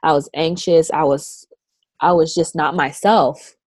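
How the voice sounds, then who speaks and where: A young woman chatting casually as an interviewee, telling lively stories and acting out what people said to her. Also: measured pace, no echo. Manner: animated storyteller who acts out quotes with big pitch jumps. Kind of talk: casual conversation.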